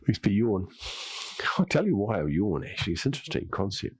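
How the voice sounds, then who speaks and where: Low husky man leading a qigong class. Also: very animated, fairly quick, a little mellow, no room sound. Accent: Australian. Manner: rambling, repeats words, says "yep" often. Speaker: qigong instructor. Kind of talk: guided exercise class with talk.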